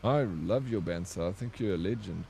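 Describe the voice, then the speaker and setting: Male streamer, lower register, playful teasing banter while he answers his chat. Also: normal speed, creaky, darkish tone, slight background noise. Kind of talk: livestream chat with viewers.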